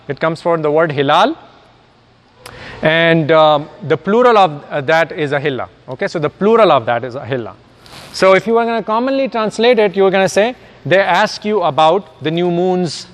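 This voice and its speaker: Lecturer, male, native Urdu speaker, slightly high voice, explains step by step with rhetorical questions, reverberant hall. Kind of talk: recorded lecture.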